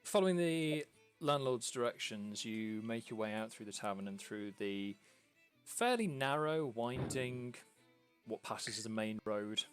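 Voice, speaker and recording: A man narrating a tabletop game as game master, in a relaxed, meandering way with lots of ums. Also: mid-range voice, unhurried, smooth, soft background music. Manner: relaxed, rambling with ums and uhs.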